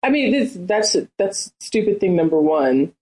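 A woman's voice: medium pitch, big pitch swings, a little slow, darkish tone, low-quality recording. Exasperated woman ranting on a podcast. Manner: exasperated, ranting, acting out characters in quotes. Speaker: podcast co-host. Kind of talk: casual chat.

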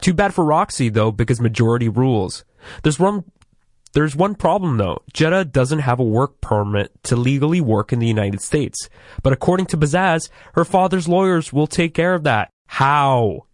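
A man in casual podcast chat, walking through a cartoon episode with wry asides and plenty of hedging. His voice sits at an ordinary middle pitch. It is close and dry, with no room sound. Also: animated, normal speed, no echo. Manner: wry, chatty plot recapping with hedges. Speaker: podcast host recapping episodes.

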